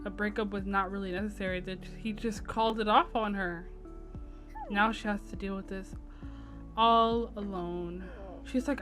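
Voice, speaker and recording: A young woman streaming a life-sim game, chatting in a lively way and voicing what the characters say. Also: medium pitch, normal speed. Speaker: gameplay streamer. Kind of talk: let's play commentary voicing characters. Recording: faint game music behind.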